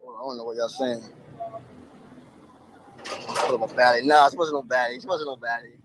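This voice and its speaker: A man's voice: mid-range voice, fairly even intonation, moderate pace, fairly bright tone, a little hiss or hum, poor audio. A man, chatting casually and playfully on a livestream in heavy slang. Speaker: streamer.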